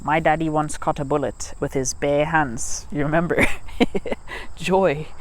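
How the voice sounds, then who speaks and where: A man with a somewhat high voice rambles through a casual vlog, joking at his own expense. He laughs often between thoughts. He is outdoors in an open field, talking into a cheap mic that barely blocks the wind. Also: steady tone, takes it slowly. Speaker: vlogger. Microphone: cheap mic without proper wind protection.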